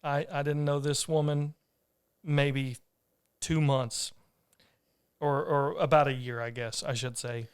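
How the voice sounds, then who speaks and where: A man hosts a podcast, telling a story in an earnest, rambling way. His voice is smooth and clear, with an even, steady pitch. The sound is close and dry. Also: takes it slowly, no echo. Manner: earnest, rambling with restarts and fillers. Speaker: podcast host. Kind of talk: casual conversational storytelling.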